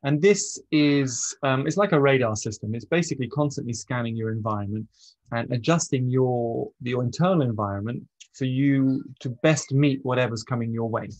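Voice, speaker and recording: A man coaching on trauma and stress, explaining in a relaxed, conversational way, with frequent pauses and restarts. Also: mid-range voice, no echo, low-quality recording. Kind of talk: casual teaching monologue.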